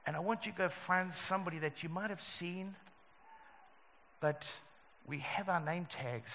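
A pastor leading a communion sermon and prayer, talking earnestly and emphatically and repeating key phrases. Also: male voice, fairly high pitch, a bit bright, big-room sound, a little hiss or hum, poor audio. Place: church service.

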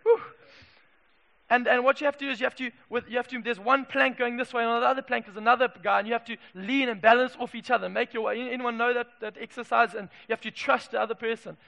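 High-voiced, passionate male preacher. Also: fairly even intonation, quick pace, vocal fry. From Zimbabwe. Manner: passionate, swings from hushed to shouting. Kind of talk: sermon. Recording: echoey hall reverb.

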